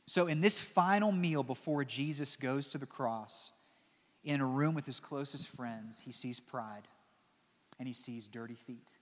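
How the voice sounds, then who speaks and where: A man preaching a sermon, telling the story dramatically, dropping into soft, slow passages and adding joking asides. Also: mid-range voice. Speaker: pastor. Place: church. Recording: long church reverb.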